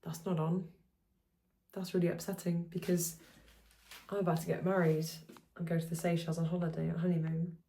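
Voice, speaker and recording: A woman's voice: low-pitched, dark tone, slight background noise. A young woman with a sore throat, rambling casually in a chatty vlog. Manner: rambling, chatty, many fillers. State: sore throat from hay fever. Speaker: vlogger. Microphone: phone held by hand.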